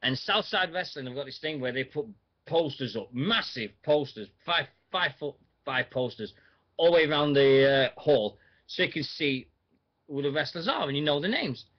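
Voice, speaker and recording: A man's voice: on the high side, lively intonation, normal speed, muffled recording. A man in his forties, hosting a radio show and chatting in a rambling way, full of fillers and restarts. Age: 40s. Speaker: radio host. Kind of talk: casual rambling radio chat.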